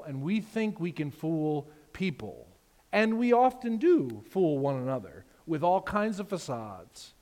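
Pastor, male, conversational preacher who voices his characters, slightly high voice, big reverberant room. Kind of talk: sermon. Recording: long reverb of a large hall.

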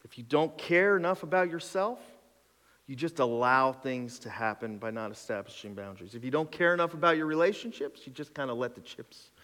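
In a church sanctuary, a male pastor preaches a conversational, emphatic sermon, counting off numbered points. His voice is medium-pitched and fairly bright, and he speaks a little fast. Long hall reverb fills the recording.

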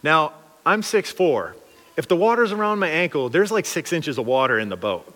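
A man preaching a sermon through a funny, animated story, acting out the people he quotes. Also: a little high, normal speed, in a large hall. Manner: animated, joking, acts out quotes.

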